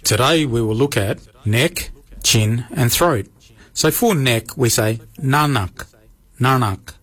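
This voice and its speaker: A man with a slightly husky voice leads a short radio language lesson at an unhurried pace. He repeats each word and spells it letter by letter, close to a dry mic with faint music underneath. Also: medium pitch, fairly bright tone, dry recording. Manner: slow, spells words letter by letter. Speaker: language teacher.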